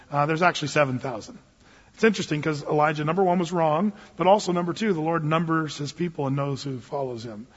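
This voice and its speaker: A man preaching a sermon to a congregation, retelling a story in a casual, animated way. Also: a little high, husky. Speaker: pastor. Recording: dull recording with long hall reverb.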